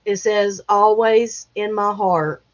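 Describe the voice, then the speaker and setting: A woman hosting a casual livestream chat, talking in an emotional, halting way as she fights back tears. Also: mid-range voice, fairly even intonation. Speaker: livestream host. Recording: dull lo-fi livestream audio.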